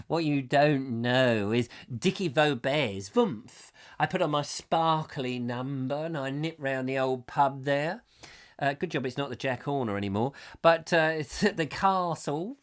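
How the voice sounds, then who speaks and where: A man's voice: fairly high pitch, unhurried. A man in middle age hosting a comic live chat show, rambling playfully and swooping into silly voices. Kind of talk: live comic monologue reading viewer comments.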